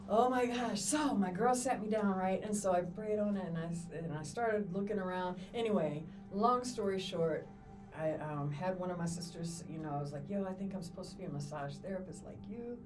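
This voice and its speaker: A middle-aged woman guest on a podcast, a doula, telling her stories in an animated way and acting out the people she quotes. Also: medium pitch, brisk. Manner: animated storyteller, acts out quotes, laughs often. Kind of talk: casual storytelling interview. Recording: distant mic with clear music behind.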